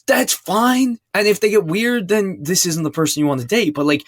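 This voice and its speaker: A man's voice: high-pitched, moderate pace, no room sound, studio quality. A man co-hosting a casual podcast, giving joking dating advice and reading out listener letters. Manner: laid-back, joking, advice-giving, puts on silly voices in quotes.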